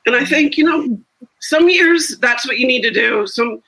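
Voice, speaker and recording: Bright-voiced woman on a video call. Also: high voice, expressive, moderate pace, breathy edge, rough recording. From United States. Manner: reflective, many restarts. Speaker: guest. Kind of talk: casual group chat over video call.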